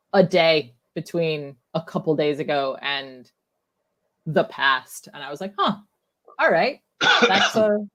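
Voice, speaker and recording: Co-host, male, chatty, restarts his sentences often. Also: on the high side. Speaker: podcast co-host. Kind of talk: casual chat.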